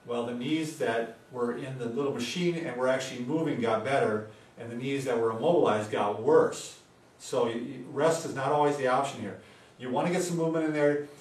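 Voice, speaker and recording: A man talks through knee exercises like a physical therapist, relaxed and conversational, dropping in plenty of filler words. His voice sits at an ordinary middle pitch. The room is echoey and he is a little way from the mic. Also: a little fast. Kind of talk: casual instructional talk. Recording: roomy sound, mic at a distance.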